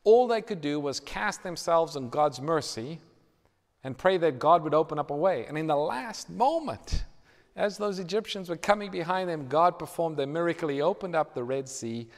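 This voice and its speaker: A man preaching a sermon in a church, dramatic, swinging from loud emphasis to hushed tones. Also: fairly high pitch, expressive, normal speed. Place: church hall. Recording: reverberant church hall.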